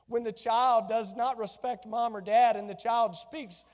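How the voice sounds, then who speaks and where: A male pastor delivers an animated sermon, slipping into the voices of the people in his scripture story. His voice sits very high for a man. The sound carries the long reverb of a church hall. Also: unhurried. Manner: animated preaching, acts out biblical dialogue.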